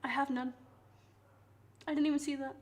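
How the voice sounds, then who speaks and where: A woman with a bright, high voice hosts a relaxed cooking stream. She chats playfully with her viewers, teasing them in an easygoing way. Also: moderate pace. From Canada. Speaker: live streamer. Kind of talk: casual chat with viewers while cooking.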